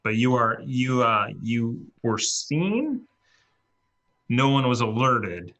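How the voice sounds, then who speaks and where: A man running a tabletop game as dungeon master, relaxed and halting, full of fillers. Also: medium pitch, lo-fi sound.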